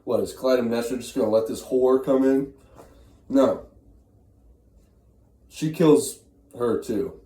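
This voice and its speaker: A man rambles through a crude, comedic retelling of an ancient play while chewing gum. His voice is mellow and sits at a middling pitch. The sound carries a roomy echo. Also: slow pace, long pauses. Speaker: storyteller.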